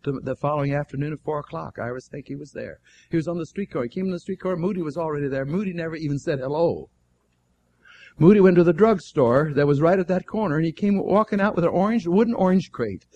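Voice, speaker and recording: A man preaching a sermon as an animated storyteller, acting out the dialogue with fervent exclamations. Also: fairly high pitch, fast, dull audio.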